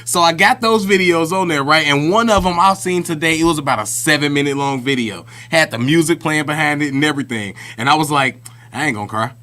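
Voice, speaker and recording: A man's voice: fairly high pitch, a little fast, hardly any pauses, pushed and bright. A man co-hosting a podcast, telling stories in a chatty, slangy, casual way. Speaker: podcast co-host. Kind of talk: casual chat.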